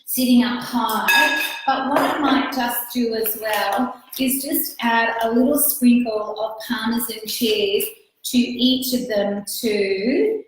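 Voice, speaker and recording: A chatty Australian woman with a fairly high voice runs a casual live cooking demonstration. She greets viewers by name and talks her way through the recipe with easy fillers. The sound bounces around a very echoey home kitchen. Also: takes it slowly, slight background noise. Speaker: cookbook author hosting a live cooking stream.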